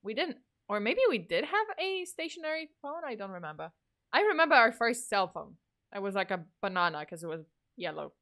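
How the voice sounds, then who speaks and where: A woman's voice: mid-range voice, sing-song, brisk, a bit bright. A woman in her thirties from Poland chatting casually on a livestream, rambling, swearing and laughing often. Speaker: streamer.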